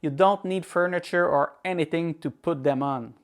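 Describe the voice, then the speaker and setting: A man from Quebec whose first language is French, speaking English with a Quebec French accent as he gives a scripted tech product review in a measured, explanatory way. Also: on the high side, smooth. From Quebec, Canada.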